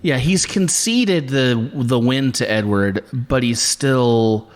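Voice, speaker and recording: Halting, dry-humored man with reverb. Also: medium pitch. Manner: halting, dry, full of fillers. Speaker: podcast co-host. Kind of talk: casual podcast chat.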